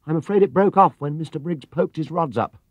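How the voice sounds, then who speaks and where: Man voicing a storybook young bear, high-pitched, muffled, earnest, polite. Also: fairly quick, dry recording, lightly acted. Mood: apologetic.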